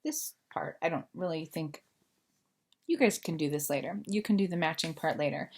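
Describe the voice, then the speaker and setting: A woman's voice: deep voice, normal speed, a little mellow. A woman teacher explaining a grammar lesson to her students, patient and full of fillers. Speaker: Spanish teacher. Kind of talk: recorded remote class lesson.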